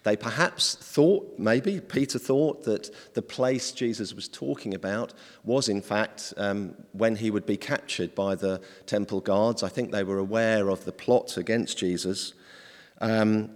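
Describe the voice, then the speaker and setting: A man playing a preacher, fairly low voice, chatty and halting delivery, long hall echo. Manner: conversational and hesitant, with many ums. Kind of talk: informal sermon.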